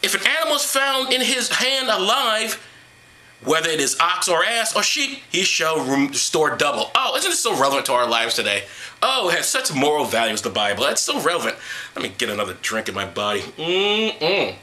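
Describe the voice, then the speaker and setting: Man, sarcastic, profane, very animated pitch, bright tone. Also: normal speed. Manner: mocking, ranting, profane. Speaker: vlogger reading the Bible. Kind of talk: sarcastic comedic Bible commentary.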